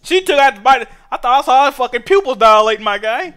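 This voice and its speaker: A young man streaming a game, telling stories in animated, profane slang. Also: very high-pitched, fast, clean tone. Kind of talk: casual chat while gaming.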